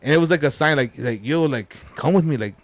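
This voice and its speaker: A man's voice: fairly high pitch, fast. A man telling a story as a podcast guest, rambling and swearing, with Spanish words dropped in. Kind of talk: casual storytelling.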